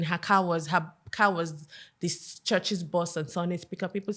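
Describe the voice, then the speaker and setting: A woman guest on a podcast, telling a personal story in a soft, hesitant way with many fillers. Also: on the low side.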